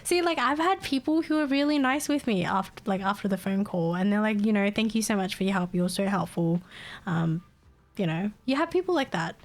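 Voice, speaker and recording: A woman's voice: mid-range voice, expressive, a little fast. A young woman, chatting casually on a live stream, venting in exasperation, laughing often and swearing.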